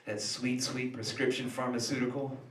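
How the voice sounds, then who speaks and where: A man's voice: medium pitch, little pitch movement, normal speed, close to an everyday voice. A man playing a male demon who confesses his sins at a recovery meeting in a sheepish, confessional way. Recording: echoey room from far off.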